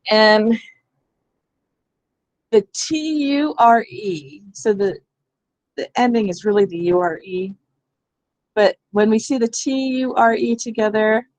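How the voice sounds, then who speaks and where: A woman's voice: medium pitch, darkish tone, dry recording, poor audio. A woman training teachers in a hands-on reading workshop, explaining step by step and thinking aloud. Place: school room.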